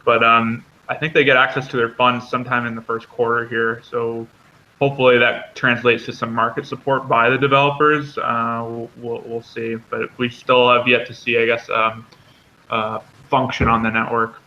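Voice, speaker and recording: A man co-hosting an online trading show, explaining coin background in a flat, halting way with many ums and uhs. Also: mid-range voice, highs cut off, a little hiss or hum. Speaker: co-host running the chart segment. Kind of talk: casual explanatory talk.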